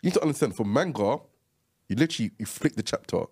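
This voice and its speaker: A man joining a podcast as a guest, his voice at an ordinary middle pitch. He talks in an easygoing, slangy way, dropping "bro" and "my man" as he chats. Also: expressive, fast talker, darkish tone, slightly rough. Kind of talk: casual chat.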